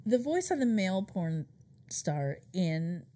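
A woman's voice: lowish voice, very animated, takes it slowly, dark tone. A woman co-hosting a podcast, telling a story in a casual chatty way with frequent fillers. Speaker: podcast co-host. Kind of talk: casual chat.

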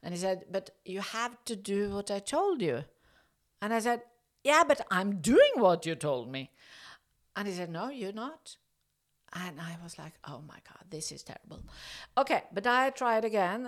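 At medium pitch and a slightly slow pace, a middle-aged Norwegian woman tells a story in English as an interview guest. Her telling is casual and hesitant, packed with fillers and restarts, and lively in the acted-out dialogue.

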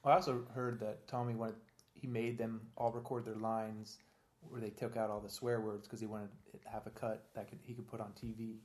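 A man's voice: on the low side, level tone, a little fast. A man in casual podcast chat, talking in a hesitant, rambling way with many fillers.

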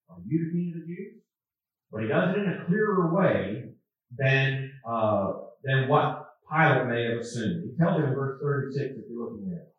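Man teaching a Bible lesson in an echoey room. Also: medium pitch. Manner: explanatory, with filler ums and restarts. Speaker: Sunday school teacher. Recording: distant, echoey room mic, dull sound.

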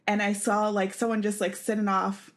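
A woman's voice: mid-range voice, little pitch movement, normal speed. Chatty young woman telling a story. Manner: chatty storyteller, lots of fillers and laughter. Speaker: podcast co-host. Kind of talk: casual chat.

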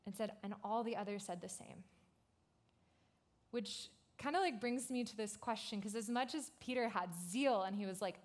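A woman pastor giving a youth sermon in a casual, conversational way, telling the story with animated asides and lots of "like" fillers. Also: medium pitch, normal speed.

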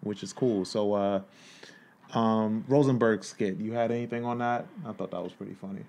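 A man co-hosting a podcast, asking relaxed questions and giving short reactions. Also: lowish voice, normal speed, creaky. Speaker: podcast co-host. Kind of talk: casual chat.

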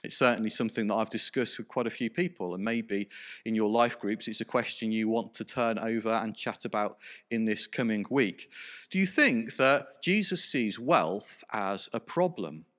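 A man's voice: on the low side, moderate pace, a bit bright. A man preaching a sermon in a conversational way, often putting questions to his listeners.

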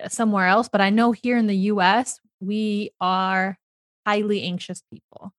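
A woman's voice: mid-range voice, fairly even intonation, moderate pace, no echo, studio quality. Hesitant woman podcast host. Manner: hesitant, filler-heavy questions. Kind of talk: casual podcast conversation.

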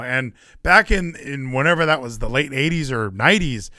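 A man's voice: medium pitch, lively intonation, a little fast, pushed and bright, dry recording, studio quality. A young adult man hosting a podcast, chatting casually with rambling jokes and ranting bursts. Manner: rambling, joking asides and running gags. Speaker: podcast host. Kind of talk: casual chat.

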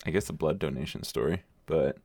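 Young male co-host, deep voice, crude and laughing storyteller, dry recording. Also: fairly quick, a little mellow, slightly rough, no echo. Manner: swears freely and laughs through his stories. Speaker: co-host telling stories. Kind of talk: casual chat.

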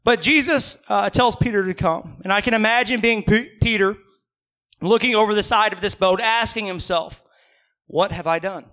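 A man's voice: high-pitched, moderate pace, bright, forceful tone. A male pastor preaching a sermon in a church, in a conversational way, questioning the congregation and adding joking asides.

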